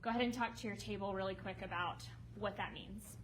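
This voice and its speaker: A woman presenting a ministry project to an audience, lively and emotional, prompting listeners to respond. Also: medium pitch, brisk, very noisy. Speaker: ministry speaker presenting a women's home. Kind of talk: talk to a seated audience with slides. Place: meeting room with tables.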